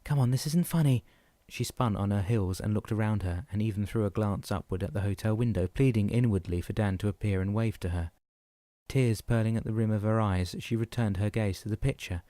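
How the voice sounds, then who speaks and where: A man reads a novel aloud in a steady, even manner, his voice low and mellow. The recording is dry and close. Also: a little fast, no echo. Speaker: audiobook narrator. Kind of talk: audiobook narration.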